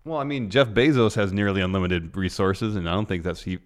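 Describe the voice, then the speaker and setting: A man's voice: deep voice, brisk. A man co-hosting a podcast, chatting casually with a dry, skeptical manner. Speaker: podcast co-host. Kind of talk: casual chat.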